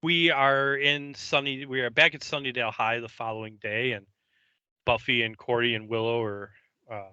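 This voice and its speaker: A man talks slowly and hesitantly as a podcast co-host, with many ums and restarts. His voice is very bright and smooth. It comes through a dull, lo-fi microphone. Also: mid-range voice, steady tone, dry recording. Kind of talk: casual episode recap. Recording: dull lo-fi mic.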